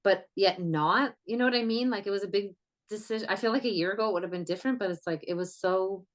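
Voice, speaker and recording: A woman co-hosting a podcast, warmly praising her co-host in a casual, effusive way, with lots of "like". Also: medium pitch, fast. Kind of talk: casual chat.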